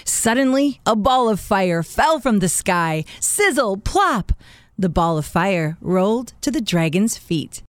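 Expressive woman narrating a children's story. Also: mid-range voice, slow pace, dry recording, studio quality. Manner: expressive, playing sound words.

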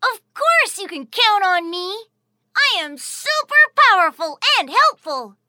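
An eager little boy, acted by a woman, who bursts with cheerful exclamations. His voice is extremely high and very bright, and he speaks at an unhurried pace in a dry, close recording for a children's audio story. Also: very animated, dry recording, exaggerated voice. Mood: excited.

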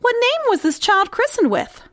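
A woman voicing a small, trusting and curious mouse in a read-aloud storybook, with high exclaiming lines. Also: sing-song, normal speed, a bit bright, dry recording, clean studio sound, exaggerated voice.

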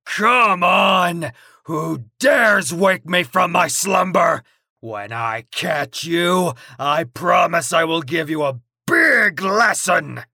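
A woman doing a gravelly, grumpy dinosaur. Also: lowish voice, big pitch swings, pushed and bright, no room sound, clean studio sound, pitched below the performer's own voice, exaggerated voice. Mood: angry. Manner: gruff, slow, threatening. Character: big grumpy male dinosaur.

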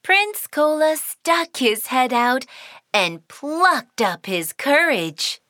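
A woman narrating a children's cartoon story in a sing-song, expressive way. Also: high-pitched, drawn-out words, no echo, studio quality.

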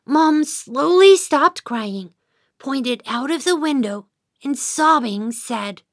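A woman voicing a sleepy, patient young child who narrates a children's cartoon, in a gentle storytelling manner. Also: high-pitched, expressive, takes it slowly, no echo, studio quality, full character voice. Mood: narrating.

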